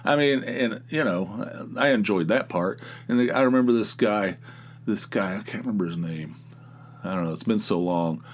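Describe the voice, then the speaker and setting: A man's voice: on the low side, normal speed, slight background noise. A middle-aged man hosting a podcast, telling a story in a rambling, exasperated way, with many restarts, laughing at his own tale. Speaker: podcast host. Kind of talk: casual monologue storytelling.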